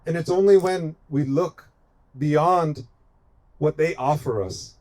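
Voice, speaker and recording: Speaking slowly with a darkish tone, his voice on the high side, an American man addresses a protest encampment as an activist. His impassioned speech drives home each point with emphatic, repetitive phrasing.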